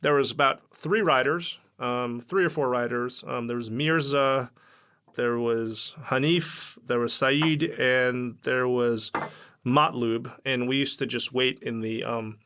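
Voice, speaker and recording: A man speaks with a bright, forceful tone, rambling through his memories in a relaxed interview. He fills his talk with "like" and "um" and slips into quoting other people. His pitch sits at an ordinary middle height. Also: takes it slowly, clean tone. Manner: rambling, lots of fillers, acts out quoted dialogue. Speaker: company founder, podcast guest. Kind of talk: casual interview storytelling.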